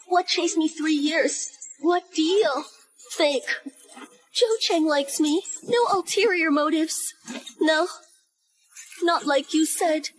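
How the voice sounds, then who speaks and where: An actress playing a proud, spoiled young noblewoman in an animated drama, talking in a shrill, pleading, emotional way.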